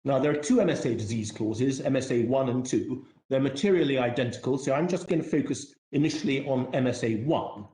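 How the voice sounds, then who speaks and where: A man in court as a barrister, making formal, measured legal submissions with courteous, self-deprecating asides. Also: mid-range voice, dark tone, echoey room.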